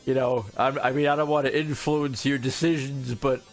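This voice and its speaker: A young man giving casual, joking gameplay commentary, excitable and swearing freely, with game music faint behind him. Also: medium pitch, moderate pace. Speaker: gaming streamer.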